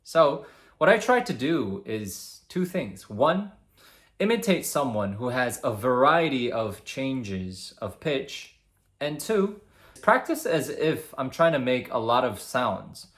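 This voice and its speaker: A young man speaking straight to camera as a communication coach, with lively, demonstrative explaining. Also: medium pitch, slow. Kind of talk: instructional talk to camera.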